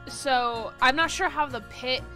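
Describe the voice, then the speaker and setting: A woman's voice: high voice, measured pace. A woman streaming a video game, chatting casually and reading the game's text aloud. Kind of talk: casual gameplay commentary. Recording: game music playing loudly behind.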